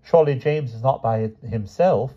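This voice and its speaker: A man voicing a stern female schoolteacher who questions slowly and firmly. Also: mid-range voice, lo-fi sound, voice pushed up, natural voice. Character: stern schoolteacher woman, strict but gentle.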